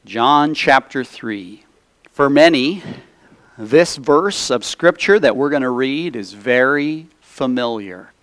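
A man's voice: medium pitch, expressive, fairly bright tone, no echo. A male pastor giving a sermon, leading a Scripture reading and then praying in an earnest, reverent way. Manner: slow, earnest, reverent pulpit delivery. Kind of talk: sermon with congregational reading and prayer.

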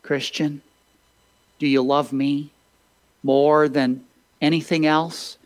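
A man's voice: high voice, moderate pace, no echo, voice pushed up, natural voice. A man preacher voicing an earnest man who presses a follower with repeated questions. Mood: pleading.

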